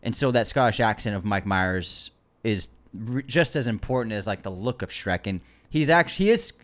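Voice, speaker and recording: A man's voice: on the low side, animated, normal speed, a bit bright. Talkative man on a movie podcast. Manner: talkative, defensive in friendly argument. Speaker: podcast co-host. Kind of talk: casual movie podcast chat.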